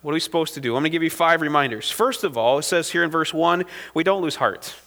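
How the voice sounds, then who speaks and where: A male pastor delivers a sermon in a high, bright voice. He keeps it conversational, checking in with the congregation through quick "right?" asides. The sound rings out in a long church hall reverb. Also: animated.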